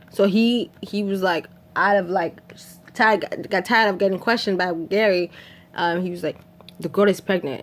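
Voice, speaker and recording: A woman from Haiti talks through a film in a loose, chatty recap. She laughs often and slips into the characters' lines, dropping to a whisper for some and jumping high for others. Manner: animated, laughs often, acts out quotes in whispers and shrieks. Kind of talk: casual storytelling recap.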